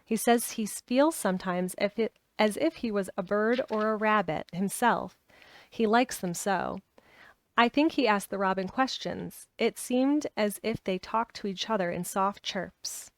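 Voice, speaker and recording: A woman's voice: mid-range voice, measured pace, dry recording, natural voice. A woman reading aloud voices a blunt, stubborn young girl who speaks plainly and obstinately. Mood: telling. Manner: plain, obstinate, matter-of-fact.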